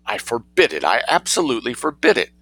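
A man's voice: fairly low pitch, very animated, fairly quick, heavily acted, poor audio. A man voicing a prim, indignant lady who scolds sharply in a storybook reading. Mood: outraged. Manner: haughty, sharp-tongued, easily outraged.

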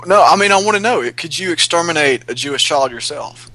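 A man's voice: on the high side, lively intonation, a little fast, bright, forceful tone, no echo, low-quality recording. A man pressing questions as a panelist in a debate, insistent and persistent.

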